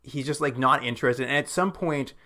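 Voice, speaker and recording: A man co-hosting a casual film discussion, his voice sitting at an ordinary middle pitch. He recaps scenes in a loose, chatty way and jumps into short acted-out quotes of the characters, peppering his talk with "like.". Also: pushed and bright. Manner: retells scenes with quick acted-out quotes, many "like" fillers. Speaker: podcast co-host.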